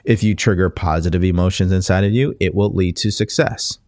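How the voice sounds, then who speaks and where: A man's voice: deep voice, fairly quick, a little mellow. A man hosting a podcast, giving a conversational motivational talk as a coach, earnest and repeating phrases as he goes. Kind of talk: motivational monologue.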